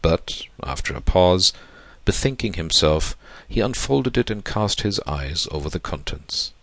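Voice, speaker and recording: A man narrating a classic novel as an audiobook reading, in a measured storytelling way. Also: sits low, sing-song, vocal fry, a bit bright, no room sound.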